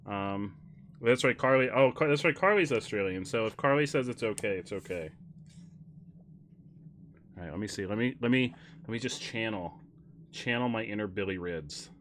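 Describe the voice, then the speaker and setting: A man's voice: fairly low pitch, animated, normal speed, pauses often, a bit bright, a little hiss or hum. A man chatting casually on a live stream, telling dad jokes, laughing often and correcting himself as he rambles. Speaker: game streamer.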